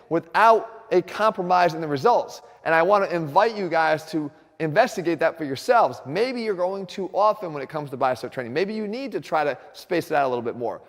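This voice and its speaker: Earnest fitness host with long reverb. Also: male voice, a little high. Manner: earnest, direct, addresses viewers. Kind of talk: instructional fitness talk.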